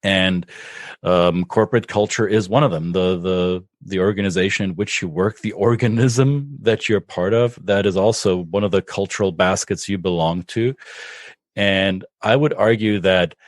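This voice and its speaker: Guest: low-pitched man, German accent, thoughtful and measured, dry close sound. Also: no echo. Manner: thoughtful, measured explanations with frequent restarts. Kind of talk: podcast interview.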